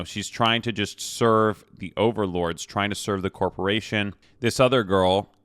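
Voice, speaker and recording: A man's voice: lowish voice, fairly bright tone, clear, resonant tone, dry recording. A man giving a casual movie review with spoilers, talking in a rambling, chatty way with lots of fillers and a habit of tacking "okay?" onto his points. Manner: rambling, chatty, many fillers and restarts, tags lines with "okay?".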